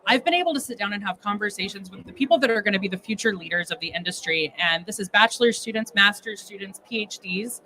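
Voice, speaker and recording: Bright, enthusiastic woman guest. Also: mid-range voice, fast talker, few pauses, poor audio. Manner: enthusiastic and articulate. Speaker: interview guest, graduate student. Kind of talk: live interview at a conference booth. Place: conference expo booth.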